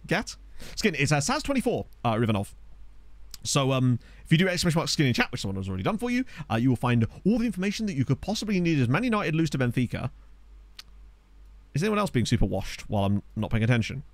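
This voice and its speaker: A man's voice: mid-range voice, fast, no room sound. Chatty man streaming a game. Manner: chatty, excitable, reads chat aloud. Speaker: gaming streamer. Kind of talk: live gameplay commentary. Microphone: desk USB microphone.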